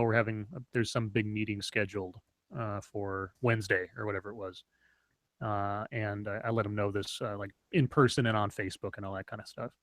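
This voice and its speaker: A man hosting a casual stream chat, telling stories in a rambling way with many halting restarts. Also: mid-range voice, no room sound. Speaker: stream host.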